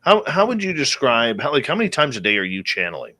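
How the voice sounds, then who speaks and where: Male talk radio host, dry close sound, lively storyteller. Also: medium pitch, fast talker, no room sound. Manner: animated storyteller who acts out quoted speech. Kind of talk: casual interview talk.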